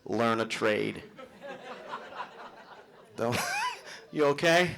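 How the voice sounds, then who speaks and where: A man's voice: medium pitch, lively intonation, very slow, gravelly, fairly bright tone. A middle-aged male stand-up comic doing a live set, brash and profane, teasing people in the audience. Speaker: stand-up comedian. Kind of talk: live stand-up comedy with crowd work.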